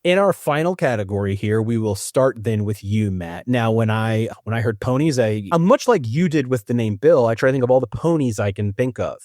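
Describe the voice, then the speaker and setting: A man's voice: medium pitch, expressive, fairly quick, few pauses, a little mellow, dry recording, studio quality. A man hosting a trivia quiz, playful and chatty as he explains facts. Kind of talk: casual game-show hosting.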